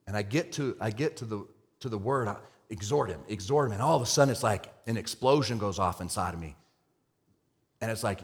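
A man preaching a sermon, telling stories and swinging from hushed asides to loud, impassioned exhortation. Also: fairly high pitch, big-room sound. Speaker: pastor.

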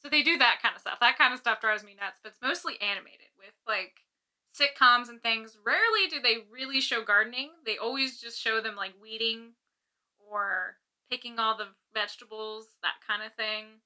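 A high-voiced woman with a piercing, bright tone, talking casually on a podcast. She rants with plenty of swearing and keeps laughing between points. The sound is homemade and a little uneven. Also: moderate pace. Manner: ranting, swearing, laughing often. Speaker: podcast co-host. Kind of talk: casual chat.

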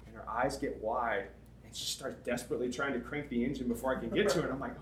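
Young man, sermon storytelling, voices the dialogue, fairly high voice, echoey room. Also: quick pace, slight background noise. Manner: animated storyteller, acts out dialogue.

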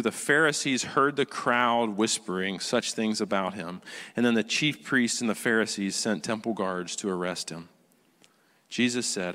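A pastor giving a sermon, reading scripture and explaining it to the congregation in a conversational way, often asking them questions and building to fervent high points. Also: male voice, fairly bright tone, long reverb tail. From United States. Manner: conversational preaching, asks the congregation questions, rises to fervent peaks.

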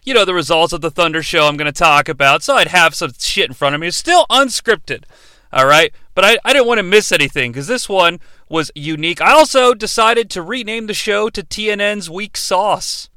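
Animated, high-voiced sardonic podcast host. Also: male voice, fairly quick, clear, resonant tone, no echo. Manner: animated and sardonic, slipping into impressions. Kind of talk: casual solo chat.

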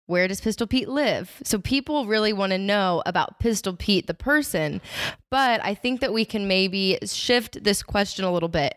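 A woman co-hosts a podcast, asking questions brightly and laughing easily. Her voice comes across dry and close, with no room around it. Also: fairly low pitch, no room sound. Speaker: podcast co-host. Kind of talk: casual podcast interview.

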